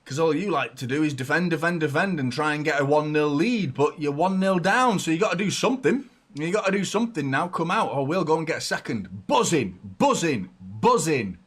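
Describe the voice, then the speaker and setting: A young man hosting a live football watchalong from home, chatty and excitable, moving between loud cheers and quiet muttering. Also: on the high side, a little fast, few pauses. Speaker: football fan channel host. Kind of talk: live match watchalong commentary. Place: home room with door open and a fan.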